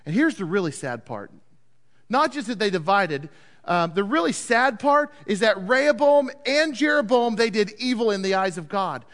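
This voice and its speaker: A man preaching and retelling a Bible story with animated delivery, asking his listeners questions. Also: sits high, normal speed. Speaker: pastor teaching a Bible story. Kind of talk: sermon. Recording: long hall reverb.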